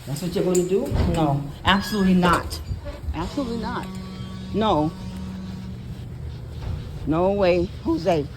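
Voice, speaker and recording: Music plays behind a lowish, unhurried voice as a tired tenant walks outdoors among the housing blocks, leaning on a cane and filming herself on a handheld phone. She indignantly repeats her complaints, leaving long pauses, and the audio is poor.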